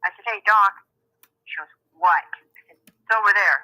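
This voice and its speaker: A woman's voice: medium pitch, normal speed, no room sound. A woman caller telling a story in casual chat, acting out the people she quotes, heard over a phone line. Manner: animated, laughing, acts out quotes in many voices. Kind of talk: casual storytelling on a call-in show.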